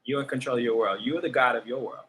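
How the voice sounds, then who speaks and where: A man's voice: mid-range voice, fast talker, a bit bright, a little hiss or hum, rough recording. A man hosting a tarot channel who talks to his viewers in a loose, conversational spiritual rant, often laughing. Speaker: tarot reader and channel host.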